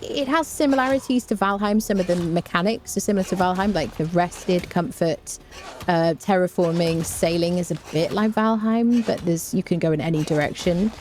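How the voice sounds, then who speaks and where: A woman's voice: medium pitch, darkish tone. A woman giving rambling, casual commentary while streaming a game, full of fillers and restarts.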